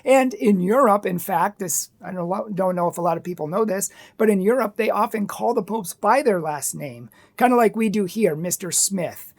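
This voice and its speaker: Woman ranting earnestly, lots of rhetorical questions, bit of vocal fry. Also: mid-range voice, expressive, normal speed, hardly any pauses, a little mellow. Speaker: commentator. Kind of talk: opinion commentary.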